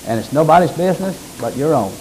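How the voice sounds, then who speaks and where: A man's voice: fairly high pitch, expressive, fast talker, slight background noise, poor audio. Emphatic man preaching a sermon. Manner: emphatic, rising to sudden loud peaks.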